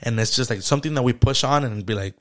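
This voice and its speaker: A man in his thirties chats casually on a podcast in a medium-pitched voice, talking fast. His talk is loose and laid-back, heavy on slang, and he drops Spanish words in as he goes.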